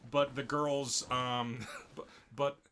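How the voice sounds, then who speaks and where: Man, casual recap chat, bright forceful tone, breaks into high character voices. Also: slow pace, a little hiss or hum. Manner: animated, acts out characters in high squeaky voices.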